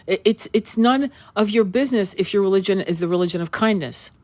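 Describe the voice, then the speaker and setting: A woman's voice: mid-range voice, brisk, darkish tone. A woman host talking straight to the viewer in an impassioned monologue. She is earnest and pleading, repeats and restarts her words, asks direct questions, and breaks off now and then to cough from an irritated throat. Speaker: spiritual reader and channel host.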